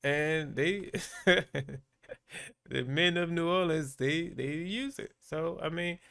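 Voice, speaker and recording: A man's voice: a little high, slow pace, gravelly, bright, forceful tone. A man hosting his own channel, giving laid-back, chatty commentary with frequent fillers. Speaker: vlogger and host. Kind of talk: casual commentary.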